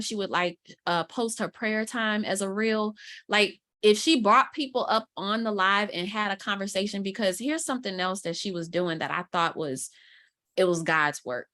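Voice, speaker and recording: A woman, a guest mentor telling a story in casual interview talk, acting out quotes as she goes. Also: mid-range voice. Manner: animated storyteller, acts out quotes. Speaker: guest mentor, content strategist.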